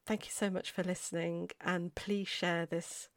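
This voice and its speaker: Woman in her forties, podcast host, low gravelly voice, chatty and tangent-prone, dry close sound. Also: level tone, unhurried, dry recording. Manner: chatty, rambling, goes off on tangents. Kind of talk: casual storytelling.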